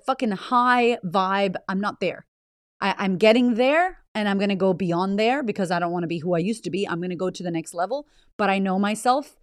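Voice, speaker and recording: A woman who runs a business and hosts a motivational podcast speaks in a lowish voice, captured in a dry, studio-quality recording. She's blunt, emphatic and raw, swearing heavily and repeating phrases.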